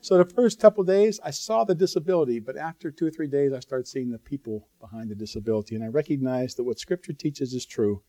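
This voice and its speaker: A man's voice: mid-range voice, fast, hardly any pauses, mellow, no room sound. A man preaching a sermon in a conversational, earnest way, breaking into sudden bursts of emphasis and asides to the audience. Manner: talks straight to the audience with asides.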